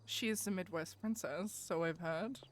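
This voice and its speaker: A woman streamer chatting casually during a role-play game. She rambles, laughs often and fills pauses with fillers. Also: fairly low pitch. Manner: giggly, rambling, lots of fillers. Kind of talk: casual chat.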